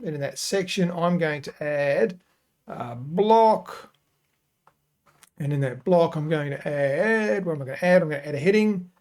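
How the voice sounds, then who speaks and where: A man hosting a software tutorial, talking casually and thinking aloud as he works through each step. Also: fairly high pitch. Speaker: web design tutorial host. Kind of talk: screen-recorded software tutorial.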